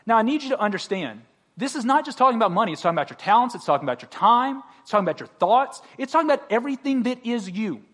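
A man with a fairly high-pitched voice preaches a sermon in a loose, conversational way. He mixes jokes and everyday asides into his points and puts direct questions to the congregation. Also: sing-song, very fast, a bit bright. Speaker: pastor.

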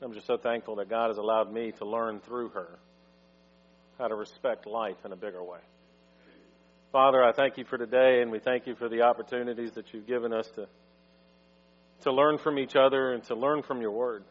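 A pastor speaking thankfully and leading a prayer in church. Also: male voice, mid-range voice, flat delivery, a little fast. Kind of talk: sermon with prayer. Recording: dull sound with mains hum.

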